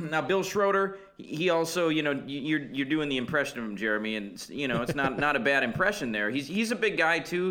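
A man's voice: a little high, expressive, brisk, few pauses, bright, forceful tone. A man from Wisconsin, co-hosting a casual sports podcast and telling stories with strong opinions. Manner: opinionated, storytelling. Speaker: podcast co-host.

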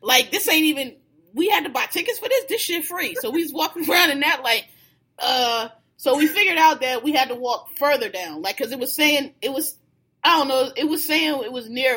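A woman's voice: high-pitched, fairly quick, breathy edge. A woman telling a story in casual chat, laughing and acting out what people said. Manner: animated, laughing, acts out quoted lines.

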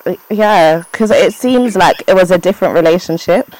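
A woman's voice: lowish voice, moderate pace, a little mellow, rough recording. A young woman co-hosting a casual podcast chat, supportive and enthusiastic, with slangy phrasing. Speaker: podcast co-host.

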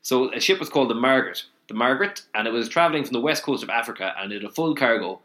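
A man's voice: mid-range voice, expressive, very fast, pushed and bright. An Irish man co-hosting a casual podcast, telling rambling anecdotes and checking in with "right?" as he goes. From Ireland. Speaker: podcast co-host. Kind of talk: casual chat, storytelling.

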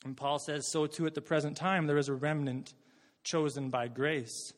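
A man's voice: a little high, steady tone, moderate pace. Man preaching a sermon in a reverberant hall. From Canada. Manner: conversational preaching, frequent word repeats. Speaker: pastor.

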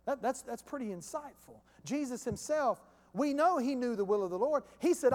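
A male pastor with a notably high voice preaches a sermon, emphatic and repetitive but conversational. His words echo with the long reverb of a church hall. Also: lively intonation, moderate pace, a little mellow.

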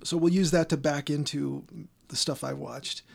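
Gravelly-voiced man, casual podcast chat. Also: a little high, steady tone, normal speed, a little mellow. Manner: laughs often, teasing. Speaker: podcast co-host.

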